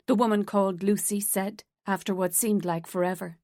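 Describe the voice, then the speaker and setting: A woman narrating an audiobook in a steady storytelling voice. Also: medium pitch, moderate pace, hardly any pauses, no echo, clean studio sound. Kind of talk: scripted narration.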